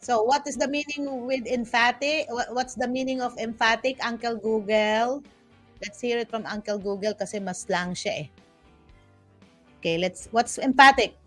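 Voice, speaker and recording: Hosting a laid-back talk show, a Filipino-accented woman speaks at normal speed in a slightly high, fairly bright voice. She mixes English and Tagalog, keeps restarting, and pokes fun at herself with playful asides over faint background music.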